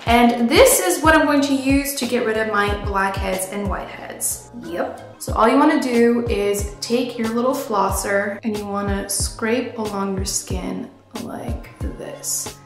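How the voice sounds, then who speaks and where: A woman's voice: fairly high pitch, a little slow, music in the background. A woman vlogger walking through a beauty tutorial step by step, chatty and upbeat with playful slang, in a bathroom at home. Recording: very echoey bathroom.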